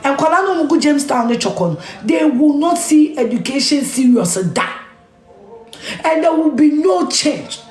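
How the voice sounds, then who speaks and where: A high, expressive, slightly mellow female voice at moderate pace scolds on camera in an echoey room with soft background music. The speaker, a Ghanaian-accented media personality, is emphatic and repetitive, dropping into Twi and Ga.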